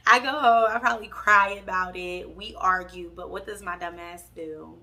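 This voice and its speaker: A young woman from Pittsburgh tells a storytime vlog with candid, sassy energy, talking straight to her viewers. Her voice has a bright, forceful edge with a gravelly fry underneath. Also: on the low side, measured pace. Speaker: vlogger.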